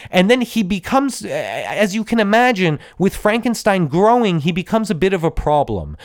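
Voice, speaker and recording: Rambling, excitable man on a podcast. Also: high voice, moderate pace, no echo, studio quality. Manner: rambling, with many restarts and asides; enthusiastic fan. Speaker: podcast host. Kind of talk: casual solo podcast monologue.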